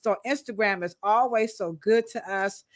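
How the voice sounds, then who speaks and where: A woman co-hosting a live-stream podcast, chatting casually and shouting out viewers in the chat by name. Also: medium pitch, moderate pace. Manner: casual, slangy American speech. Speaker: podcast co-host.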